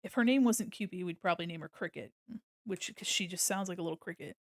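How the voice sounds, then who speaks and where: A woman's voice: on the low side, quick pace, no room sound, clean studio sound. A woman streamer chatting casually while she draws, giggly and gushing, breaking into laughter often. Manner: gushing and affectionate. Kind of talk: casual livestream chat while drawing.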